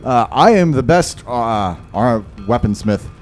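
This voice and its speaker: A man voicing a frazzled, overworked male blacksmith shopkeeper who talks in hurried, stammering bursts. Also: mid-range voice, animated, faint music behind, close to an everyday voice. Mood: harried.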